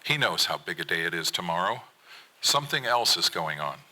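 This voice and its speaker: A calm, soft-spoken mother, as a man reading a story quotes her. Gentle and steady, in a fairly low, bright-toned voice. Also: brisk, heavily acted. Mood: soothing.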